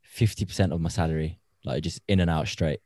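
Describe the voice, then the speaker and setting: A man's voice: low voice, fairly quick, warm tone, dry recording. A young man from Birmingham with a Birmingham accent, a podcast co-host chatting casually in slangy, laid-back talk full of fillers. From Birmingham, England. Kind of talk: casual banter among friends.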